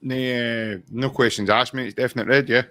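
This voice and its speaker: A man co-hosting a football podcast, talking in a casual, measured chat with many pauses and "um"s. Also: mid-range voice, steady tone, a bit bright, no room sound. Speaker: podcast co-host.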